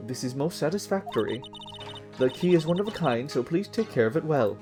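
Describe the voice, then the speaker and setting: A man's voice: on the high side, animated, a little fast, a little mellow, faint music behind. A man voicing a stern, formal older woman spirit medium who speaks with exaggerated politeness, reading game dialogue on a stream. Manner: stiff, overly polite, formal.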